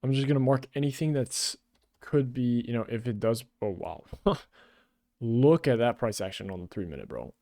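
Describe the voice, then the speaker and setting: A young man giving casual, excitable live trading commentary, swearing often and calling people "bro". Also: medium pitch, normal speed, creaky, dry recording, studio quality. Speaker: day trader.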